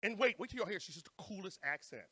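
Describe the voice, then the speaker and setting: A man's voice: sits high, lively intonation, fast talker, pushed and bright, breathy edge, no room sound, clean studio sound. A man with a New Orleans accent, emceeing a conference and joking playfully with the audience. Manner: playful, joking banter with the crowd. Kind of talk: hyping up a live audience.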